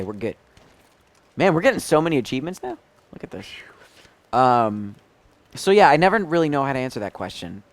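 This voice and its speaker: A young American man chatting as a celebrity guest while playing a video game, breaking into excited shouts at the game. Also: fairly high pitch, no echo. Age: young adult.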